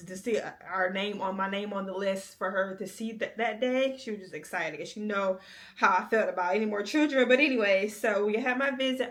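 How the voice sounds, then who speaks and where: A woman's voice: medium pitch, a bit bright. A young adult woman vlogging in a candid, chatty way, talking straight to her viewers. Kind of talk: casual chat.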